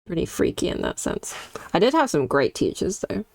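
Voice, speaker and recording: A woman's voice: fairly low pitch, very animated, moderate pace, gravelly, no echo. A young woman streaming while she draws, chatting candidly and reacting to her chat. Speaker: streaming artist.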